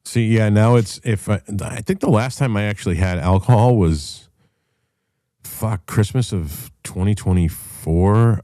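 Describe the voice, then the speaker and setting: Male host, deep mellow voice, dry close sound, blunt profane storyteller. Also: no echo. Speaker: show host. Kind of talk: casual call-in chat.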